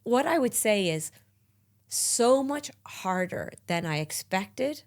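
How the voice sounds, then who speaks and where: A woman's voice: mid-range voice, sing-song, slow pace. Chatty woman podcast host. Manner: chatty and agreeing, with casual filler words. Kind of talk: casual interview chat.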